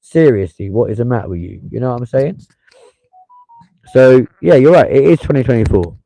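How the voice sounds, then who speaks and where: A man's voice: mid-range voice, lively intonation, a little fast, creaky, mellow, no echo, low-quality recording. A man hosting a live stream, giving blunt, profane, heated casual commentary.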